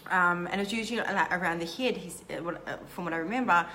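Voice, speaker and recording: A woman coach telling a candid, heartfelt personal story to camera, often pausing with "um" and "like". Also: fairly low pitch, sharp tone, slight background noise. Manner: halting, many "um" and "like" restarts. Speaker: intimacy coach.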